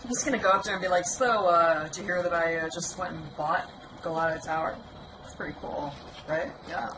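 A woman's voice: on the low side, steady tone, fairly quick. A young woman giving casual, teasing commentary while playing a video game, laughing often. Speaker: gameplay commentator. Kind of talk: let's play commentary. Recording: home recording with clear background noise.

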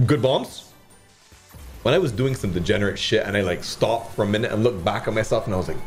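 Animated, swearing slot streamer man. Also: lowish voice, fast, creaky, faint music behind. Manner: profane, joking, talks back to the games. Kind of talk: casual gambling commentary.

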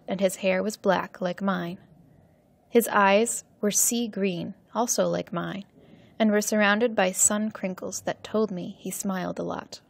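A woman teacher reads a chapter aloud for English learners at a careful, clear pace. Her voice sits at an ordinary middle pitch. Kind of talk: storybook reading for English learners.

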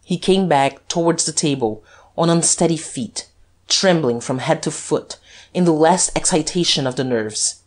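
A woman narrating an audiobook in a measured, deliberate reading. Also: low-pitched. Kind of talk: scripted narration.

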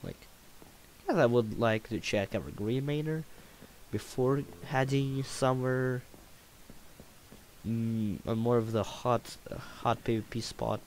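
A man's voice: medium pitch, takes it slowly, long pauses, a little hiss or hum, low-quality recording. A man doing a put-on Russian accent while casually commentating a video game, playful and jokey. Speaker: gamer.

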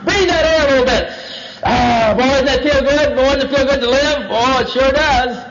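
A sly serpent oozes flattery, coaxing in a high, sing-song voice, as a preacher puts him on. It sounds lifted from a dull, worn 1970s tape recording. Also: male voice, fast talker, roomy sound, crowd noise. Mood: gushing. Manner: wheedling, gushing, high and animated.

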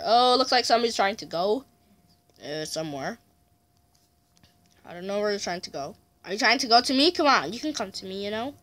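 A man doing casual let's play commentary, chatty, muttering frustration and taunting and yelling challenges at opponents. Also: high voice. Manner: mutters frustration, mild swearing. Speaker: gamer.

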